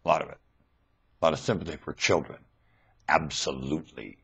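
Husky man ranting into a webcam. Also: a little fast. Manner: swings between loud emphatic outbursts and low muttering. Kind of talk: webcam monologue rant. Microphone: webcam mic.

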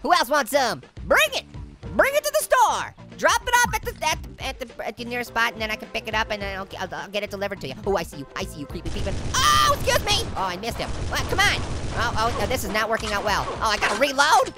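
A man's voice: sits high, expressive, racing, loud music behind the voice. A man voicing a wisecracking, goofy talking orange that makes puns and cackles while playing a game. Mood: playful. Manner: cackling, pun-making, jokey. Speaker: let's play host. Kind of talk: let's play commentary.

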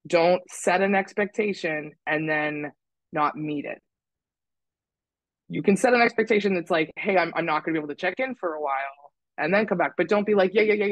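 A woman's voice: deep voice, no room sound, low-quality recording. A woman guesting on a podcast, talking candidly and critically about herself, with some swearing for emphasis. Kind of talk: candid conversational chat.

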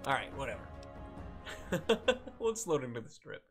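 A young man with a medium-pitched, very animated voice streams a modded game at a slightly slow pace, soft music playing behind him. His commentary is casual, rambling and self-deprecating, full of laughter, swearing and startled yelps.

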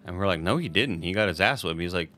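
A man's voice: deep voice, lively intonation, fast, bright, forceful tone, faint music behind. A man streaming a video game, chatting casually to his viewers, swearing freely and laughing often. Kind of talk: casual gameplay commentary.

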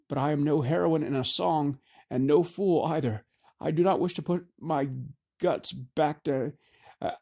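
A man's voice: fairly high pitch, dark tone, pitched above the performer's own voice. A man reading an audiobook, voicing a frightened young woman seer in a raised, pleading, shaky voice. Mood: fearful. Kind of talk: audiobook character voice.

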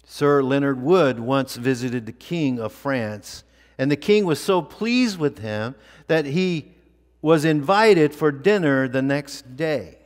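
A male pastor delivers a sermon at an unhurried, measured pace. He leans on repeated phrases for emphasis, and his voice sits at an ordinary middle pitch. A long reverb from the church sanctuary follows each line. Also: animated.

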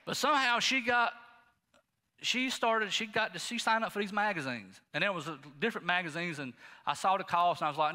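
Animated high-voiced male pastor preaching. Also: a little fast, big-room sound. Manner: folksy, animated preaching with asides to the congregation. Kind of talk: sermon. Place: church sanctuary.

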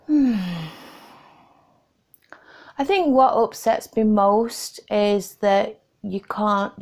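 A woman's voice: mid-range voice, vocal fry, darkish tone. A woman answering interview questions about her family at home, hesitant and full of ums, emotional at times. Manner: hesitant, many ums, emotional and laughing through tears. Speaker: interviewee, wife of the video maker.

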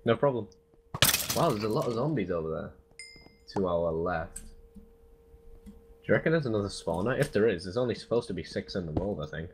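Brief: young male gamer, lowish voice with lively swings, dry teasing, noisy home mic. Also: fairly quick, pauses often. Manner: laid-back, dry teasing remarks. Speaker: co-player. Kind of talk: casual gameplay chat.

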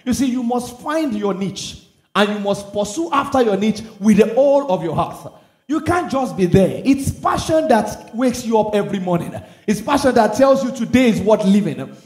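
A man's voice: sits high, darkish tone, roomy sound. A man preaching a sermon, earnest and emphatic, asking the listeners questions. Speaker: pastor.

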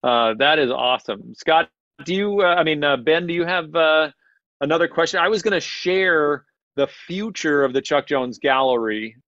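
Brief: male gallery presenter, mid pitch, chatty and halting, dry slightly dull recording. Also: fairly bright tone, no echo. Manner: chatty, halting restarts, laughs often. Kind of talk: casual panel chat. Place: convention panel stage.

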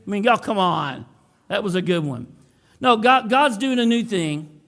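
A man preaching a sermon as pastor, opening with a prayer and tossing folksy jokes to the congregation in a church sanctuary. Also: fairly high pitch. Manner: folksy, joking asides to the congregation.

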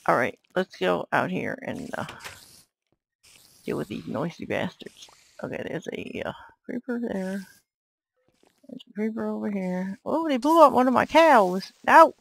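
Woman gamer, slow gravelly delivery, yells at enemies and mutters asides. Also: mid-range voice, poor audio. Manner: exclaims and yells at enemies, then mutters to herself. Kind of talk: let's play commentary.

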